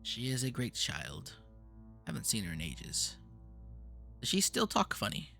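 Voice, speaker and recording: A man voicing a grandiose, eccentric male mage who is touchy and theatrical, with a lively gravelly voice. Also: mid-range voice, measured pace, faint music behind, full character voice.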